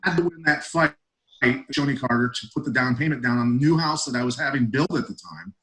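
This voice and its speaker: Middle-aged male guest, mid-pitched, blunt storyteller with emphatic bursts. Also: fast, a bit bright, rough recording. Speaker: guest, retired fighter and coach. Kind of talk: casual podcast storytelling.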